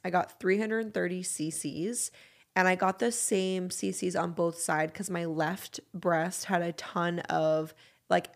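A woman's voice: lowish voice, creaky. A woman in her thirties hosting a podcast, chatting casually in a frank, candid way and swearing freely. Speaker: podcast host.

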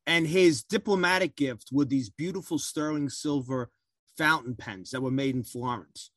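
A man's voice: fairly high pitch, normal speed, fairly bright tone, no echo, clean studio sound. A man from New Jersey, a congressman guest, talking in casual conversation in an enthusiastic, emphatic way.

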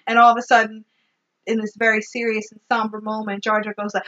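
A woman co-hosting a casual movie recap, sarcastic and animated, swearing freely. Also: a little high, a little fast, over loud music, rough recording. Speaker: podcast co-host.

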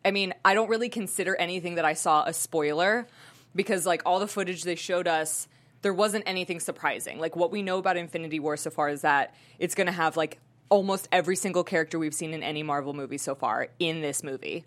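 Woman, young adult, show host, chatty, giggly, casual movie news chat, lowish voice. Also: fast. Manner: chatty, giggly, filler-heavy.

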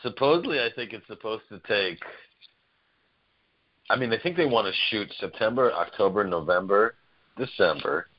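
A man's voice: lowish voice, lively intonation, moderate pace, pauses often. A man in casual conversation, joking, laughing often and swearing freely. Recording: dull lo-fi recording.

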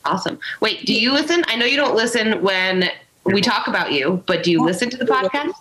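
A woman's voice: mid-range voice, lively intonation, brisk, a bit bright, poor audio. A woman co-hosting a podcast, chatting casually, teasing her guests and laughing a lot. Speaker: podcast co-host. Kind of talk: casual chat.

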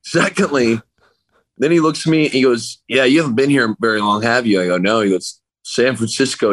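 A man, a guest on a podcast, telling a story in a casual, animated way and acting out what other people said. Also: mid-range voice, moderate pace, no room sound, low-quality recording. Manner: animated anecdote teller, acts out other people's lines. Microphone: remote call.

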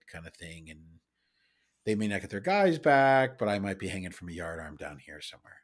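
A man's voice: low-pitched, animated, fairly quick. Guy at a tabletop game, matter-of-fact, talking through a plan. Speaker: player.

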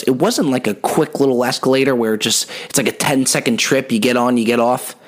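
A podcast host spinning a comic story with animated, profane energy. He talks in a middle pitch with casual, loose phrasing. He piles on the swearing for laughs. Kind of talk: comedic storytelling.

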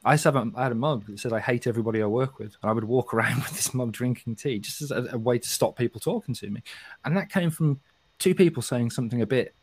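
A middle-aged man from England with a softened West Midlands accent, talking frankly and swearing often as a podcast co-host. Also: medium pitch, fast, husky, no room sound. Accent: softened West Midlands English. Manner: frank and sweary, with frequent restarts. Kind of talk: casual podcast chat.

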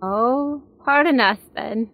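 A woman's voice: a little high, slow, a bit bright. A woman playing her character in a tabletop game, speaking hesitantly. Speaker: player.

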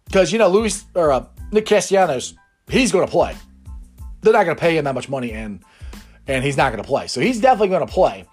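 A man hosting a sports talk show, rambling casually and chuckling as he chats. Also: fairly high pitch. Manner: rambling and chatty, laughs often.

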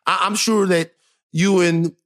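A man's voice: high voice, fairly even intonation, a little slow, fairly bright tone. A young man co-hosting a podcast, telling stories playfully and animatedly, with lots of fillers. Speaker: podcast co-host. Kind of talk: casual podcast chat.

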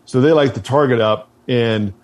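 A man's voice: mid-range voice, moderate pace. Blunt veteran man telling a war story. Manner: blunt, swears, lots of restarts and fillers. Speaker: guest, military veteran. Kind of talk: casual storytelling.

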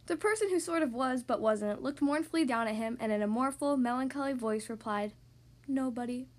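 A woman reads a picture book aloud to young children in a high voice. Her storytelling is gentle and expressive. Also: fast. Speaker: podcast host reading to kids.

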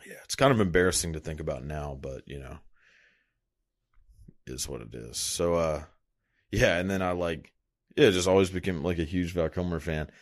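A man's voice: low-pitched, normal speed, long pauses. A young man talking in a loose, rambling monologue, swearing a lot and laughing at himself. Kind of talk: casual profane monologue.

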